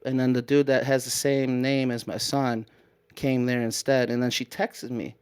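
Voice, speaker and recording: A man with an Upstate New York accent telling a long personal story in casual chat, rambling and animated, full of "like" and quoted back-and-forth. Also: mid-range voice, normal speed, clear, resonant tone. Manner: rambling, animated retelling with frequent "like" and quoted exchanges. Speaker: guest storyteller.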